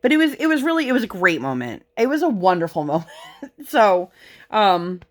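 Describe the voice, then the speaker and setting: A woman's voice: medium pitch, very animated, fairly quick. A woman in her thirties chatting casually while crafting, telling family stories with lots of fillers and laughter. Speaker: crafting vlogger.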